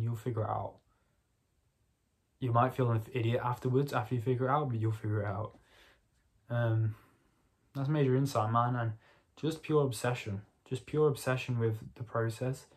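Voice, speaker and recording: A man's voice: on the low side, a little mellow. A young man talks straight to camera in a rambling, motivational vlog monologue, swearing freely as he goes. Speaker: vlogger. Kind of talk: casual late-night monologue.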